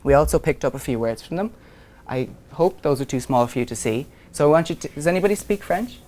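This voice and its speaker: A man's voice: on the high side, lively intonation, fast, darkish tone, a little hiss or hum. Man giving a casual lecture. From Ireland. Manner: conversational, thinks aloud with frequent ums. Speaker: visiting lecturer. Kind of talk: university lecture. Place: lecture room.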